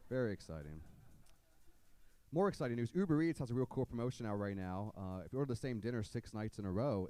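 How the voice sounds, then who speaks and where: A man's voice: on the low side, mellow. A man doing stand-up comedy, dropping dry one-liners and mock-earnest impressions. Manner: sings comic songs to guitar. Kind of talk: stand-up comedy with sung parody songs. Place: comedy club stage.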